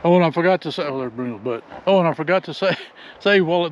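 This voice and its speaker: A man's voice: a little high, expressive, quick pace, lo-fi sound. Folksy older man chatting outdoors. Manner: folksy, chuckling, says "y'all". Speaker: vlogger. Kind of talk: casual outdoor vlog chat. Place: outdoors on a windy trail.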